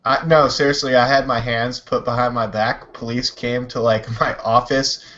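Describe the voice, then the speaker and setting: A man hosting a casual online talk show, telling stories with a loose, animated delivery and swearing freely. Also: medium pitch, normal speed, lo-fi sound. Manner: animated storyteller, swears, mimics others. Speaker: podcast host. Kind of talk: casual chat.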